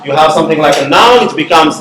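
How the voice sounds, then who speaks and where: A man's voice: fairly high pitch, animated, fast, fairly bright tone. A male university lecturer teaching a class, repeating key words and checking in with "okay?" often. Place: echoey classroom. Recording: echoey room from far off.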